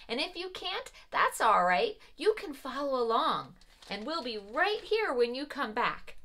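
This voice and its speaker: Woman, preschool teacher, slow sing-song delivery, very lively pitch, bright clear tone. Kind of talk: preschool lesson for young children.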